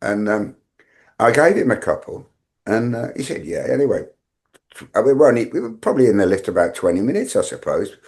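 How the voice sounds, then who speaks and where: An older man with an English accent and a fairly low voice tells backstage stories as an interview guest. He rambles along with plenty of fillers and restarts. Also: animated, a little fast, a little mellow. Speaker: guest, veteran tour manager. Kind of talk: anecdotal interview storytelling.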